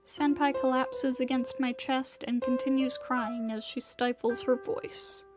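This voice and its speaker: A woman streamer reading a visual novel aloud, narrating in a soft, slow, measured way. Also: sits high.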